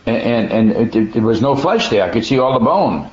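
A man's voice: mid-range voice, animated, fairly quick, darkish tone. A man telling a personal testimony in plainspoken, folksy speech, earnest and emphatic, often restarting his words. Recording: dull echoey room recording.

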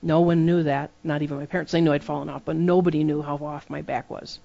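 A preacher giving a sermon full of personal testimony, telling the stories lively and acting out the dialogue. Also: mid-range voice, quick pace, gravelly, highs cut off. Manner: lively storytelling that acts out dialogue.

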